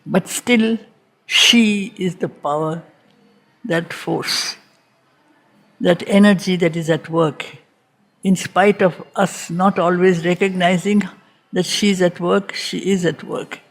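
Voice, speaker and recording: A woman's voice: on the low side, fairly even intonation, slow pace, pauses often. A woman teaching a reading group, giving a spiritual lecture on a poem and repeating phrases for emphasis. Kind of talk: slow spiritual lecture on poetry.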